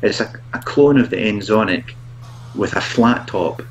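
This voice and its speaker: Slow, low-voiced man reviewer. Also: highs cut off, a little hiss or hum. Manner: halting, laughs often, self-mocking. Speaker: product reviewer, guest. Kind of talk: casual video chat.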